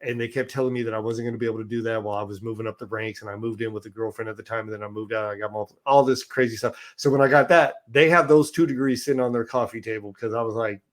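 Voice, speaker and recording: This man is a podcast guest with a mid-pitched voice. He tells his story in a relaxed, conversational way and voices the people he quotes. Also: racing, few pauses. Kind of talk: casual storytelling.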